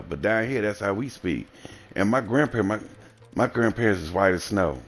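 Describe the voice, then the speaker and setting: A man from the Southern United States, with a Southern American accent and a lowish voice, livestreams a blunt, rambling, profane monologue. He talks at a moderate pace with faint music in the background.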